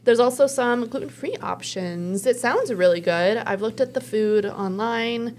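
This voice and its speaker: A woman's voice: on the high side, a little slow, darkish tone, a little hiss or hum. A woman co-hosting a casual news chat show, giggling and poking fun at herself. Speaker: co-host.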